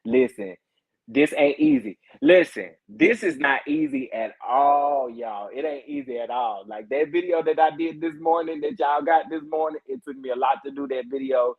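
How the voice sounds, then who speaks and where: A man hosting a casual livestream, reading viewer comments and chatting, animated, laughing often and repeating his phrases with drawn-out exclamations. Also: medium pitch. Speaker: livestream host. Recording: tinny phone-like audio.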